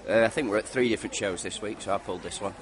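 A man's voice: on the low side, racing. A man selling fudge at a show, answering questions in a laid-back, modest way. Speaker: fudge seller. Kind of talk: casual interview answers.

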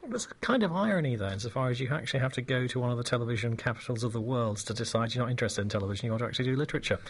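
A man presents a radio show into a studio microphone and speaks quickly. He rambles in a wordy way, stacking up fillers and repeated words as he chats. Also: medium pitch, expressive, slightly rough. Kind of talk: casual radio chat.

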